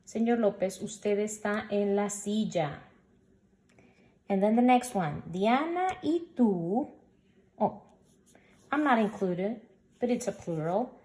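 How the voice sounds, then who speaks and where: A woman's voice: mid-range voice, expressive, slow, pauses often, mellow. A woman teaching a recorded Spanish grammar lesson, patiently explaining and sounding out example words.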